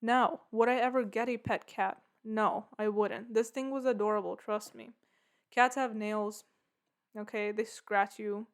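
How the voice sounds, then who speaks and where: A woman's voice: a little high, steady tone, unhurried. A woman hosting her own podcast, telling a story in a casual, rambling way full of "like" and "yeah". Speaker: podcast host.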